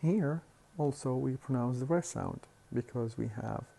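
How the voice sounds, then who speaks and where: A man lecturing on phonetics, explaining slowly and deliberately with hesitant fillers and repeated words. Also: medium pitch, gravelly, dark tone. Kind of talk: recorded university lecture.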